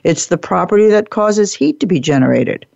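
Woman podcast host, gravelly, teaches with emphasis and repetition; dull lo-fi sound. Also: medium pitch, expressive, a little mellow, dry recording. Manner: deliberate, emphatic, repeats key phrases. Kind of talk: teaching talk on workplace improvement.

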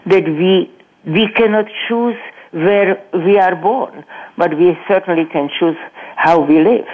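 Appearing as a radio interview guest, an older Holocaust survivor who addresses students recounts her life in a halting, sincere way, often repeating herself and starting sentences over. Her voice is fairly low and husky. The sound comes through as tinny phone-line radio.

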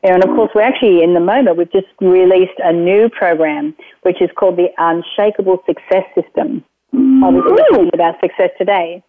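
This self-help program creator speaks fairly quickly in a voice on the low side, rambling about her programs with lots of fillers and restarts. The conversational interview comes through a tinny phone line, dry with no echo.

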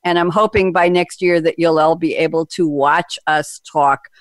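A woman's voice: deep voice, steady tone, normal speed, no echo. A woman hosting a business talk radio show, chatty and enthusiastic, stacking up long lists as she introduces things. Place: remote call with panelists.

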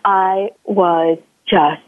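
A woman from Vietnam talks over a tinny, phone-like line with a dry sound. She tells her story as a guest in a casual interview. She acts out quoted lines in a much higher voice. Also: fairly even intonation, very slow, no room sound. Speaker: guest, life coach. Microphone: phone call.

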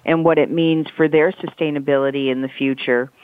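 A woman's voice: sits low, fairly even intonation, brisk, phone-quality sound. Matter-of-fact woman guest. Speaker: guest expert. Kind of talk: conversational commentary.

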